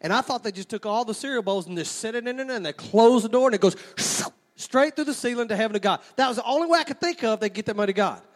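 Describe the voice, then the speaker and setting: A man preaching a sermon, praying and then telling a lively story from his childhood, acting out the scenes as he goes. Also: extremely high pitch, rapid-fire, hardly any pauses.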